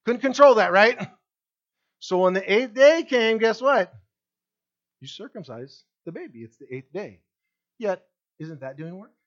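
A male pastor delivers a sermon with lively, animated preaching. He swings between loud emphasis and near-hushed asides and keeps turning to the congregation with questions. The recording sounds a bit dull and muffled. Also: unhurried, pauses often. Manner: animated preaching with wide swings in pitch and loudness; asks the congregation questions directly.

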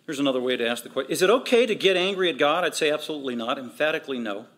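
Male pastor, fairly high voice, emphatic repetitive sermon delivery. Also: expressive, fairly bright tone. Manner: emphatic, repetitive preaching with quick asides.

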